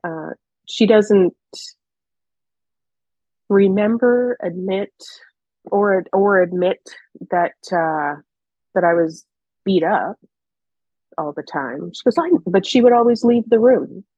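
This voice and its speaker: Husky candid woman guest. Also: mid-range voice, slow pace, pauses often, dry recording, muffled recording. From Canada. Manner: candid, chatty, hesitant restarts. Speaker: podcast guest. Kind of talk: casual personal storytelling.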